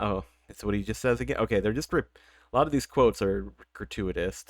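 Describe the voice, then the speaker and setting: A man's voice: on the low side, brisk, no echo, clean studio sound. A young man hosting a let's play, chatting casually with rambling, self-mocking asides. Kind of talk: casual gameplay commentary.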